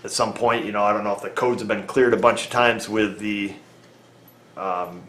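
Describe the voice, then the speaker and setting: Folksy low-voiced mechanic in an echoey room. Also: male voice, fairly even intonation, normal speed, fairly bright tone. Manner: plainspoken, folksy, talks through reasoning aloud. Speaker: auto repair mechanic. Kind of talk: casual talk to camera.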